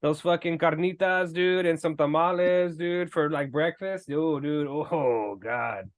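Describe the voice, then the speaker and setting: A man with a notably high speaking voice trading casual, profane banter as a podcast co-host. He talks with animated energy and laughs often. The sound is dry and close, with no room echo. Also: measured pace.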